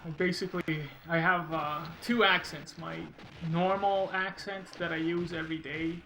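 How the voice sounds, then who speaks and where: A man's voice: on the high side, steady tone, normal speed, pushed and bright, slight background noise, low-quality recording. A man streaming a video game and chatting casually, rambling and reading viewers' messages aloud. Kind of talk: casual gameplay commentary.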